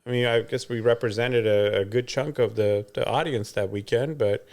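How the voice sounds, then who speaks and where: This podcast co-host, a middle-aged man, has a mid-range, steady voice with a darkish tone and a normal pace. He's chatty, spinning stories and laughing frequently in a casual conversation.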